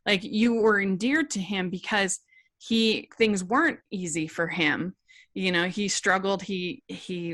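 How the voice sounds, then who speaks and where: A woman's voice: medium pitch, fairly bright tone, no room sound, studio quality. A woman hosting a review podcast in casual chat, talking through her points with frequent restarts. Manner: chatty, many restarts and "like" while reasoning out her critique.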